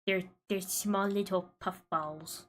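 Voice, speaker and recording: A woman's voice: mid-range voice, fairly even intonation, slow pace. A woman with a thick American Southern accent, chatting casually with rambling asides while streaming a game.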